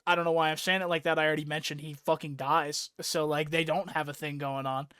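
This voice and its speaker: A young man with a somewhat high voice rambles through a comic-book recap, swearing freely and leaning on "like". The sound is close and dry, with no room echo. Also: level tone, quick pace, bright, forceful tone, clear, resonant tone. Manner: rambling, profane, laughing recap with lots of "like". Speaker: podcast host recapping a comic. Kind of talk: casual chat.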